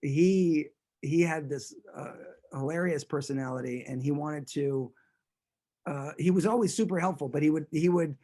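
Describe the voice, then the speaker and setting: A male interview guest tells a story in a relaxed setting, his voice a little high for a man. There's an amused quality to how he rambles, and he regularly begins his sentences again.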